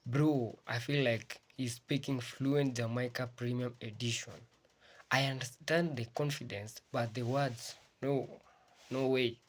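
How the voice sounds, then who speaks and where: A man's voice: medium pitch, steady tone, unhurried. Man narrating a reaction video. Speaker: reaction channel host. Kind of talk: scripted voice-over commentary.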